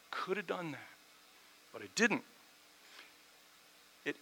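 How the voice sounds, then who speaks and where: A middle-aged man preaching a sermon, telling a personal story and swinging from quiet asides to loud, emphatic peaks. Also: medium pitch, big pitch swings, slow pace, pauses often, poor audio. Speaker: pastor.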